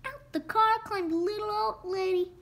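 A woman reading a children's picture book aloud, expressive and slow. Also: very high-pitched. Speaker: storyteller. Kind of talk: children's story read-aloud.

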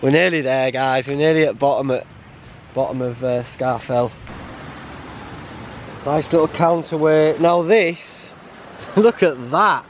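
A man chatting casually while hiking a mountain trail, blunt and quick to laugh. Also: mid-range voice, a little hiss or hum. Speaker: hiker vlogger. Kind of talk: casual outdoor vlog chat.

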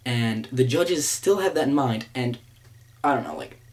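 A man's voice: medium pitch, lively intonation, normal speed, darkish tone. Rambling, hesitant young-sounding man vlogging. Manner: rambling and hesitant, many restarts and filler words; laughs often. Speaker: vlogger reviewing a reality show episode. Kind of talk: casual reaction commentary.

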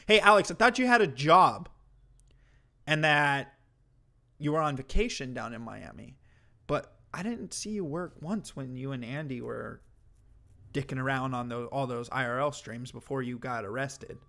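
A man's voice: medium pitch, expressive, moderate pace, vocal fry, sharp tone. A man streaming commentary to his chat, ranting in a heated, mocking way with heavy swearing.

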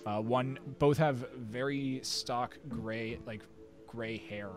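A man's voice: medium pitch, fairly even intonation, slow pace. A man narrating as game master for a tabletop game, rambling with many fillers and restarts. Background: background music.

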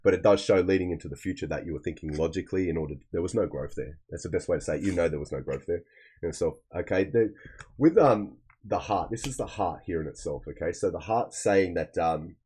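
A man's voice: sits low, fast talker, a little mellow, husky, rough recording. A man giving a casual, rambling tarot reading, often repeating himself and checking in with "okay?". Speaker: tarot reader.

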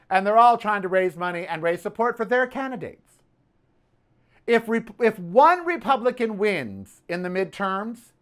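A man hosting his own podcast, talking in a sassy, chatty way about the news and his day, often calling listeners "honey.". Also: high-pitched. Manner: sassy, animated, says "honey" and "okay". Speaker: podcast host. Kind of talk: casual political commentary.

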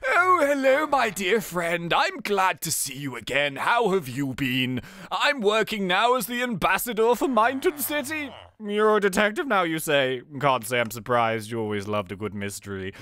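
A woman voicing a posh, genial knighted gentleman in a game, reading his lines theatrically. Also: on the low side, big pitch swings, moderate pace, few pauses.

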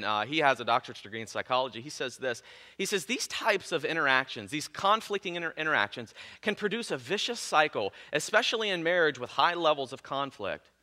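A man preaching a sermon, animated, now and then acting out the inner voices of spouses. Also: fairly high pitch. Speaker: pastor.

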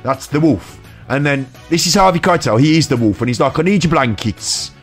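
A man with a broad West Midlands accent rambles through a comic retelling of a film, slipping into daft voices for the characters. His voice sits a little on the high side. Soft music plays faintly behind him. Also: animated, brisk, slightly rough. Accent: West Midlands English. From England. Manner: rambling, jumps into silly quoted voices. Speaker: streamer.

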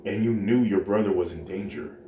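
A man's voice: fairly low pitch, fairly quick, warm tone, close to an everyday voice. A man reading the lines of an encouraging adult male hero mentor, in an earnest, consoling way. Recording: roomy home recording with noise.

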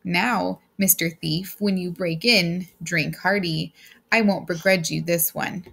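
A woman's voice: fairly low pitch, steady tone, slow, gravelly, a bit bright, husky, full character voice. A woman reading a smug, ruthless businessman. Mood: gloating. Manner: cold, harsh, gloating. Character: ruthless, smug middle-aged businessman husband.

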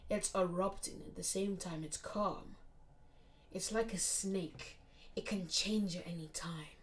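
A woman voicing a determined teenage boy ninja hero in a low, hushed delivery while retelling a fan story. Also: fairly even intonation, measured pace, slight background noise, lightly acted. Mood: serious.

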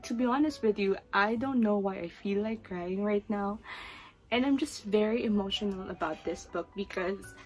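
A young Filipino woman in her twenties talks straight to the camera in a casual, gushing way, emotional and at times teary. Her pitch sits in a middle range for a woman. Soft music plays faintly behind her. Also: normal speed, poor audio. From Philippines. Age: 20s. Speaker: book vlogger. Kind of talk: casual chat.

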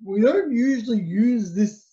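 A man's voice: very high-pitched, animated, unhurried, dark tone, highs cut off. A man teaching a physics lesson, explaining in a conversational, rambling way with fillers. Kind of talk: recorded classroom lecture.

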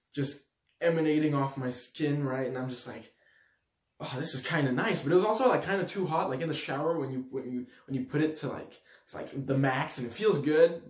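A young man from Switzerland telling a story to his audience in a slangy, animated way, acting out the quotes loudly. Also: on the high side. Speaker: vlogger. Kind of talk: storytelling to camera. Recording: echoey room.

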